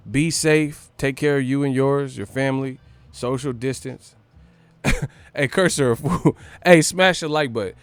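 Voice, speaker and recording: A man with a clear, resonant, mid-range voice hosts a boxing livestream, captured in a dry recording. His casual rant is brash, profane, and boastful, full of hype energy, and he breaks into brief celebrity impressions and laughs.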